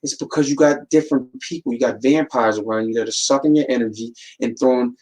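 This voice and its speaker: Man, podcast host, casual motivational talk, repeats for emphasis, mid pitch. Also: fast, a little mellow, low-quality recording. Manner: preachy, repeats words for emphasis, acts out quotes.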